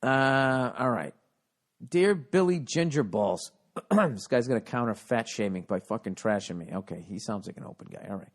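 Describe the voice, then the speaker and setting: A man hosting a comedic podcast, reading a listener email and ranting, profane with mock-shouting bursts. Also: medium pitch, lively intonation, normal speed. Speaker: podcast host.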